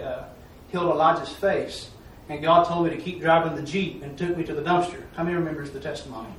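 Man, preacher, folksy testimony, slightly high voice, echoey distant mic. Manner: folksy, repetitive, with "I'm telling you". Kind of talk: testimony during a church talk. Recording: echoey room, mic far off, faint noise.

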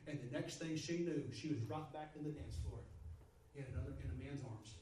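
A man's voice: mid-range voice, fairly quick, mellow, roomy sound, distant mic, slight background noise, low-quality recording. A man preaching a sermon, emphatic and repetitive, his voice swelling and dropping. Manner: repetitive, emphatic, rises and drops in volume.

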